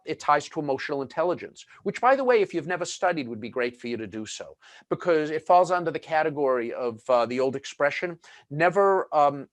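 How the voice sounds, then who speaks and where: A man's voice: on the high side, a bit bright, dry recording. A man presenting a webinar in a chatty, conversational way, full of fillers and asides.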